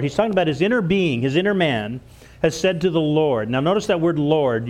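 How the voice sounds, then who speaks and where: A man's voice: a little high, lively intonation, brisk, darkish tone. A man preaching a church sermon, earnest, stumbling over and repeating words as he goes. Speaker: pastor.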